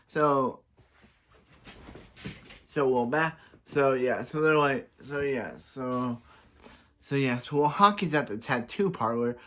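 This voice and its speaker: A young man casually reviewing a TV episode, rambling and excitable and often restarting his sentences. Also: a little high. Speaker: fan reviewer.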